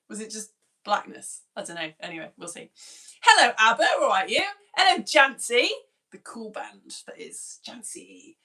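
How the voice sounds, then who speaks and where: A science teacher in her forties warmly works through viewer comments during a live-streamed lesson, greeting each person by name. Her voice is medium in pitch.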